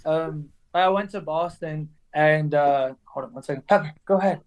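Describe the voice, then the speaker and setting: A man's voice: a little high, moderate pace. Young man with a mixed English accent. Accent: mixed English and American Southern. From England. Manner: chatty storyteller, says "dude" and "like" a lot. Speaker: motorcycle racer guest. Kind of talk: casual chat.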